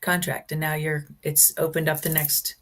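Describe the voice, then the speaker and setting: A woman guest on a show, chatting casually and chiming in quickly and upbeat. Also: low-pitched, little pitch movement, fairly bright tone. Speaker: guest hypnotist. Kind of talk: casual chat.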